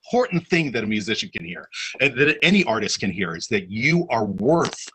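A man hosting a podcast in casual chat, telling a story in a halting way with many "uh"s. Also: lowish voice, sing-song, bright, forceful tone, slightly rough, low-quality recording. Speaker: podcast host.

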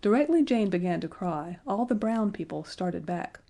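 A woman narrating a children's fantasy audiobook in a gentle, measured way. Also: lowish voice, lively intonation, creaky. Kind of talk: scripted storybook narration.

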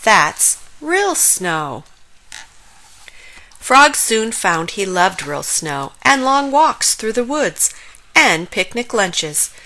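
Woman reading a kids book out loud, slow and bright, lots of up and down. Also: fairly high pitch, very animated. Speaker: storyteller. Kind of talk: children's story read-aloud.

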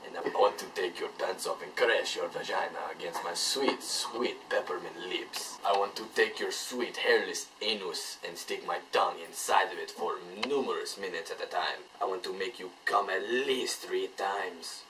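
A man voicing a seductive Spanish-accented lover in a low, hushed, drawn-out croon. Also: recorded from a distance, noisy background, close to an everyday voice.

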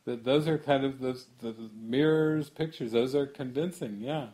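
A man's voice: mid-range voice, moderate pace, mellow. Man musing with frequent laughter. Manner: musing, laughing often, asks questions. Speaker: spiritual teacher. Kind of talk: talk to a gathering.

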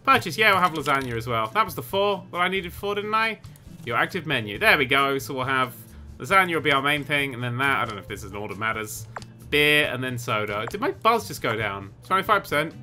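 A man doing let's play commentary, excitable and sweary, wandering into rambling asides. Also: mid-range voice, fast talker, faint music behind. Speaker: gaming YouTuber.

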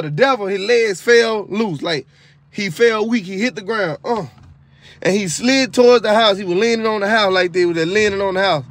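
A man's high voice, recorded with no room sound, recounts a dream in a loose, colloquial testimony style. He is a video creator who stresses his points by repeating himself and slipping into preachy asides.

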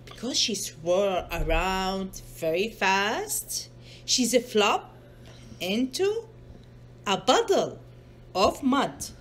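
A woman's voice: mid-range voice, sing-song, extremely slow, a bit bright, a little hiss or hum. A mother reading a picture book aloud to her child, stopping often to ask patient, coaxing questions in simple non-native English.

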